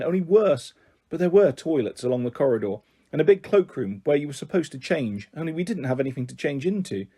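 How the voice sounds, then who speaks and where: A man reading a children's novel aloud in a gentle first-person narration. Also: on the high side, husky. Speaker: storyteller.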